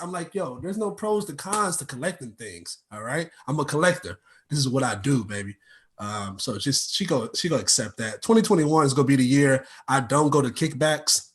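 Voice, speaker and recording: A man's voice: fairly high pitch, slight background noise. A young man doing a rambling, slangy stand-up set, telling stories with lots of asides. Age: young adult. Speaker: stand-up comedian.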